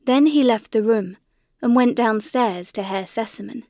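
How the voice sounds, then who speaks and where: With a fairly high pitch, a woman narrates an audiobook in a steady, even storytelling style from a script. The recording is clean studio sound without any room ambience.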